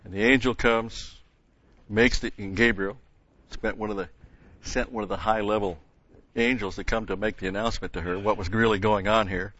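Bright-toned man preaching a sermon. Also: lowish voice, steady tone, moderate pace, highs cut off. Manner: reads scripture aloud with rising emphasis, then explains in asides.

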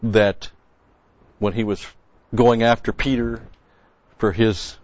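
A man's voice: on the low side, flat delivery, takes it slowly, no echo. A man giving verse-by-verse sermon teaching as a Bible teacher, stressing points by repeating key words and explaining the grammar of the original text. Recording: dull, dry lo-fi recording.

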